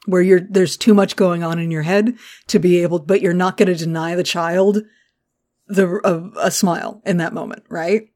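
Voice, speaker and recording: A woman co-hosting a podcast, recapping a show in casual chat, animated and laughing often. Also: on the low side, moderate pace. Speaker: podcast co-host.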